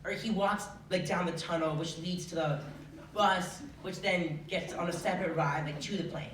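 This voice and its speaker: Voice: mid-range voice, fairly even intonation, normal speed. Teen student, live storytelling, chatty with lots of fillers; distant mic, echoey auditorium. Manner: chatty, many filler likes. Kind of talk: live true-story telling. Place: school auditorium with audience. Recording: roomy hall, distant mic, noisy. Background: audience laughter.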